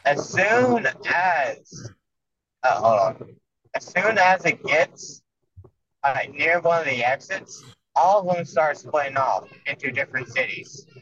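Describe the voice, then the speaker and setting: A man guesting on a casual podcast, telling a story haltingly with fillers. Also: on the high side, expressive, sharp tone. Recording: dull lo-fi remote audio.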